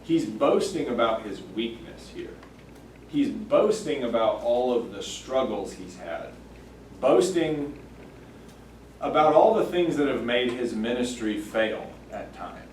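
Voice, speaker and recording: A man teaching a church Sunday school class, thoughtful and halting, with many fillers and restarts. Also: medium pitch, animated, darkish tone, slight background noise. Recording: echoey room, mic far off.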